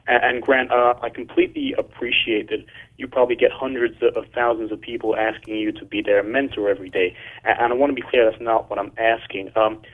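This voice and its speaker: A man's voice: mid-range voice, fairly quick. A teenage boy calling in, speaking earnestly and politely, a little rehearsed and hesitant. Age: teens. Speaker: caller. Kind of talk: polite phone call. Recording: tinny phone line.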